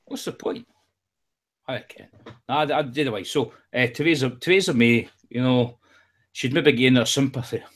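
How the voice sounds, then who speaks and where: Brief: man, husky, chatty and profane, meandering opinions. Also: mid-range voice, moderate pace, a bit bright. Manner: rambling, profane, jokey storytelling. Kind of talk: casual chat.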